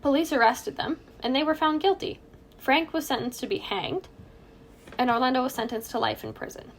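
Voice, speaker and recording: A woman's voice: sits high, steady tone, normal speed. Chatty woman with a faint hum behind. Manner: chatty, jokey, laughs at own asides. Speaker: podcast co-host. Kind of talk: casual true crime chat.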